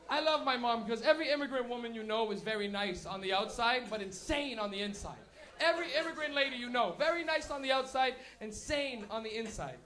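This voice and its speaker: A young male comedian tells crude, laughing stories on stage. His voice is very high and bright, with a loose, profane delivery. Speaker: stand-up comedian. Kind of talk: stand-up comedy set. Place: live show venue with audience.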